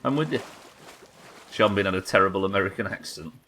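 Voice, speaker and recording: A man's voice: low-pitched, quick pace, bright, forceful tone, slight background noise. A young man streaming a pirate game live, chatting with viewers and swearing casually. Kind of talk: live game commentary reading chat.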